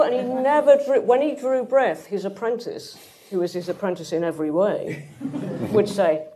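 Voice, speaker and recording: A woman speaking as a guest author at a live panel event, telling stories with lively emphasis. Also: mid-range voice, normal speed, a little hiss or hum. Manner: animated storyteller, acts out quotes.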